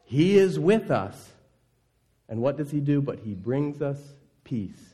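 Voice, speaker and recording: An earnest pastor takes his sermon slowly, his pitch swinging widely. He poses questions to the congregation and lowers his voice to a soft hush on key words.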